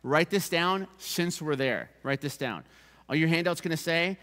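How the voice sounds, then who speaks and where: A man preaching a sermon as pastor, in a lively, conversational style that keeps calling for the congregation's attention. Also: mid-range voice, moderate pace. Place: church sanctuary. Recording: long reverb of a church hall.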